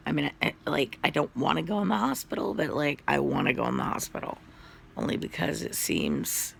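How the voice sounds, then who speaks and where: Sick coughing guy rambling and swearing his way through a story, super gravelly voice, pretty high. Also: wildly swooping pitch, brisk, a bit bright, slight background noise. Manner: rambling, profane storytelling with many fillers. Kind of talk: casual personal story to camera.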